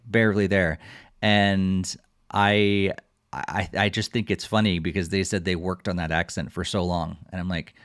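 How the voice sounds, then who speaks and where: Deep-voiced man rambling on a podcast. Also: no room sound, clean studio sound. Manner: rambling, restarts often, chuckles while talking. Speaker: podcast co-host. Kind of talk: casual podcast chat.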